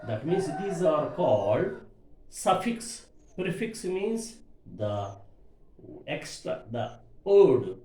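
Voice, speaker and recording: A man's voice: medium pitch, warm tone. A man teaching word stress, spelling out words letter by letter and calling his listeners "my dear students". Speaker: English teacher. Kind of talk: classroom lecture on word stress. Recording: echoey room.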